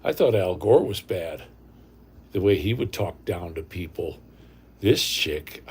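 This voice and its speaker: A man's voice: deep voice, lively intonation, a little slow, darkish tone, husky. An older man hosting a casual livestream from home, talking bluntly and rambling, often repeating himself. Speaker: livestream host.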